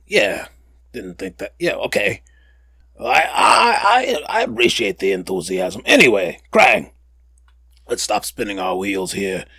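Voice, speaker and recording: A man's voice: on the low side, very animated, unhurried, creaky, sharp tone, husky, dry recording. A man hosting a casual podcast, rambling and joking with lots of fillers and self-corrections. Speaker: podcast host.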